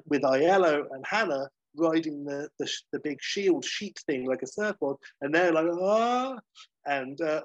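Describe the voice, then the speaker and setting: A man co-hosting a podcast, telling a comic sequel plot in a casual, animated way. He jumps into the characters' lines and laughs often. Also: mid-range voice, dry recording, dull audio. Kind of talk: casual comedic storytelling.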